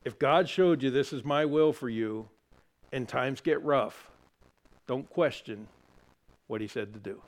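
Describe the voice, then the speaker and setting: A male pastor delivering a sermon in a church, his voice set in an ordinary middle pitch. He preaches earnestly, swinging from raised questions down to quiet, low emphasis. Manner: preaches with sudden drops to soft low emphasis.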